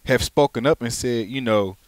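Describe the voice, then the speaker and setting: A man's voice: medium pitch, normal speed, clean tone, dry recording. Emphatic man making his point. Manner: emphatic, repeats himself while making a point. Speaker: podcast co-host. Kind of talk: casual sports talk.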